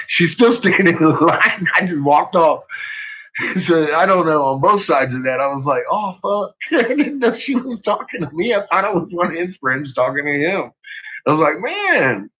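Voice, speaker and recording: A man's voice: a little high, animated, normal speed, sharp tone, breathy edge. A middle-aged man telling stories about his son in casual chat, laughing constantly and swearing freely. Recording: dull lo-fi recording.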